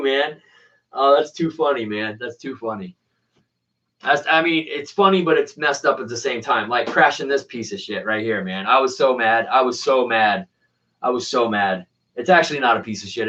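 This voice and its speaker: A man's voice: mid-range voice, bright, forceful tone. Laid-back man, distant dull recording. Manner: laid-back slangy talk, "bro" and "man". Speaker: RC plane hobbyist host. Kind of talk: casual chat, replying to viewers.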